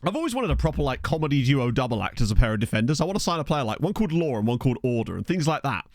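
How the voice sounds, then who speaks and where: A man's voice: medium pitch, very animated, darkish tone, no echo, studio quality. A man chatting casually on a live stream, thanking viewers and joking as he plays a football management game. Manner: chatty and jokey, thanking viewers, quick laughs. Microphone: desk microphone.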